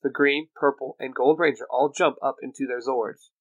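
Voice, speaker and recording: A man's voice: medium pitch, steady tone, normal speed, a bit bright, dry recording, muffled recording. Man, storyteller, read-aloud narration, dry close sound. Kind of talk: fan audio drama narration.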